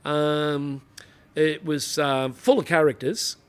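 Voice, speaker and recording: Middle-aged aussie bloke, ex-cop yarning away, kinda high voice, lots of "you know". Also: male voice, steady tone, slow pace, clean tone. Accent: Australian. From Australia. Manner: blokey, rambling anecdotes with frequent "you know". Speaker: interview guest, former police officer. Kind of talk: casual storytelling interview.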